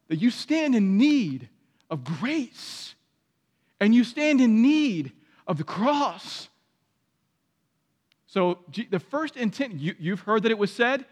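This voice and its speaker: High-voiced preacher in an echoing hall. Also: male voice, sing-song, takes it slowly, long pauses. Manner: emphatic, repeats key phrases, rising to loud peaks. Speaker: pastor. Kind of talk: sermon. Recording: long hall reverb.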